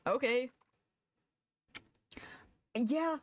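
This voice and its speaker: A woman streamer reading game dialogue aloud and reacting with loud, swearing outbursts and laughter. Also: a little high, normal speed.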